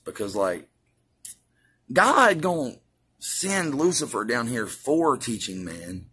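A man delivering a profane, ranting monologue as a vlogger, swinging between loud preaching and hushed musing. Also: on the low side, breathy edge.

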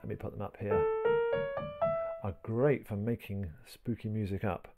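Gravelly-voiced man teaching piano. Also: on the low side, fairly even intonation, a little slow. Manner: gentle, explains step by step, counts beats aloud. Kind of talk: piano tutorial, talking while playing. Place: indoors at a piano. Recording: talk over loud piano playing.

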